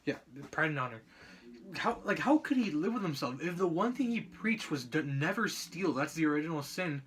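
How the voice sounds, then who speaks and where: A young man talks through a book chapter like a student presenter, in a casual, meandering way. His voice sits a little high and sounds bright and forceful. He keeps correcting himself and filling gaps with fillers. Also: animated, normal speed, husky. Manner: rambling, filler-heavy, self-correcting.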